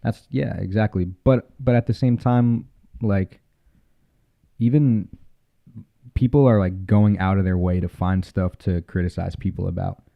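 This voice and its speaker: An easygoing man co-hosting a casual podcast chat, with a very low voice. He rambles loosely through his stories. The sound is a bit muffled. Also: steady tone, unhurried, creaky. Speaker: podcast co-host.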